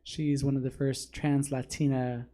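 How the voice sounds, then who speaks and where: A man's voice: medium pitch, little pitch movement, a little slow, dark tone. Candid man laughing through a chat. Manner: laughs often, dry and candid. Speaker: guest drag performer. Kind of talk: casual interview chat. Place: studio in a comedy theater.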